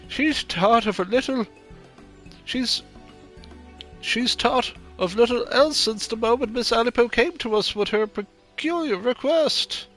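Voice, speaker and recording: A man's voice: very high-pitched, fairly bright tone, heavily acted. A man voicing an old, grey-haired male showman, reading game dialogue aloud in a raised put-on old-man voice.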